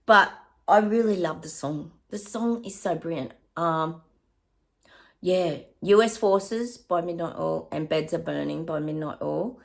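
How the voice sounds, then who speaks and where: A middle-aged woman with an Australian accent, a psychic giving a chatty reading to her viewers, often pausing to say hang on and laughing. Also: lowish voice, vocal fry. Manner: laughs often and hums snatches of songs.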